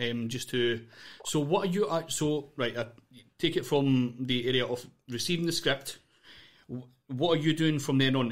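A male podcast host with an easygoing, informal delivery. He circles around his questions with fillers and restarts before landing them, and his voice sits at a middling pitch. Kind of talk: casual interview.

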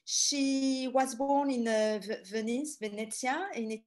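A middle-aged woman with a French accent gives a chatty talk over a video call. Her voice sits a little high, and she often stops and restarts her sentences. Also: fairly even intonation, a little mellow. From France. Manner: chatty, halting, many restarts. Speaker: guest speaker, tour guide.

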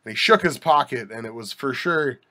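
A man's voice: medium pitch, brisk, pushed and bright. A young man hosting a podcast, telling a rambling anecdote in a wry, joking way with many restarts and asides. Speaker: podcast host. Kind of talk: casual storytelling monologue.

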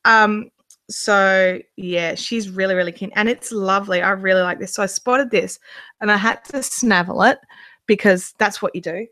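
A woman's voice: medium pitch, normal speed, fairly bright tone, dry recording. A woman, a yarn vlogger gushing in casual show-and-tell chat, full of restarts. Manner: gushing, chatty, many restarts. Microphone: handheld mic near camera.

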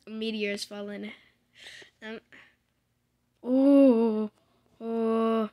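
Young woman gaming and rambling, kinda high bright voice, playful, gets loud and excited. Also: moderate pace. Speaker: gamer. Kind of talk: casual gameplay commentary. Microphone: desk microphone.

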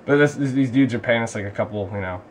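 A man's voice: mid-range voice, fast, slight background noise. A young man vlogging casually on a city street, joking and swearing, recorded on a handheld camera mic. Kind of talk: casual vlog chat. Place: outdoors on a New York street.

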